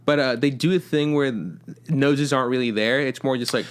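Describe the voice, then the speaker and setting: A man's voice: medium pitch, steady tone, a little fast, smooth. Rambling, profane male podcast host. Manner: rambling, profane, filler-heavy. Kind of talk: casual chat.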